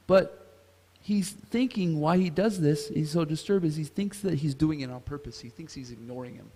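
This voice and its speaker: Male class speaker, somewhat high voice, storytelling scripture class, long hall reverb. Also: normal speed, warm tone, slight background noise. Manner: asks the audience questions. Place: temple hall.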